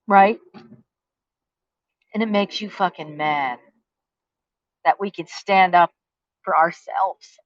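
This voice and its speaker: A woman's voice: on the low side, takes it slowly, long pauses, no echo. Woman, profane angry rant, taunting, dry lo-fi sound. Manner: profane and confrontational, heavy cursing; defiant, taunting with rhetorical questions. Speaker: vlogger.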